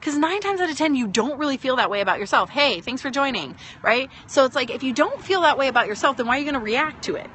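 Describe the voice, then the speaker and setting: Bright-voiced woman hosting a live stream. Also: high-pitched, lively intonation, fast, few pauses, breathy edge. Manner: conversational, filler-heavy, greets viewers mid-thought. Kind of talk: casual live-stream talk to viewers.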